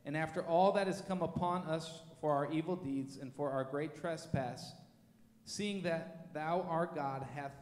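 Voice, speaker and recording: Male scripture reader, slightly high voice, measured delivery, long church reverb. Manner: measured, formal reading. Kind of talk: scripture reading. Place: church sanctuary. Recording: echoey church hall.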